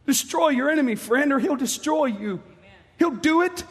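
A man preaching a fiery sermon, impassioned and pleading, rising at times to shouts. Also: very high-pitched, lively intonation, normal speed, in a large hall.

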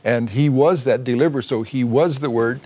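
A man's voice: medium pitch, brisk, darkish tone. A man co-hosting a Bible discussion, adding his points earnestly and with emphasis. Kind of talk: conversational Bible teaching.

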